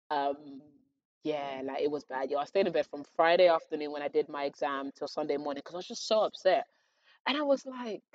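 A young woman, telling her own exam story in a casual, animated way and acting out her thoughts. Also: low-pitched, no echo, lo-fi sound. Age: young adult. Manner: animated, acts out her own thoughts and others' lines with slangy asides.

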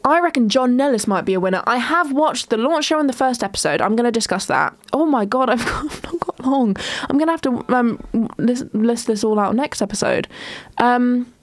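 A woman's voice: fairly high pitch, lively intonation, a little fast. A young woman, hosting a casual solo chat show, rambling with lots of ums and restarts. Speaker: podcast host.

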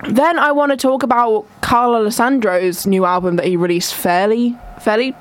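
Excitable young woman radio host. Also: on the high side, normal speed. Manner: excitable, theatrical, self-interrupting. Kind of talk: casual radio chat.

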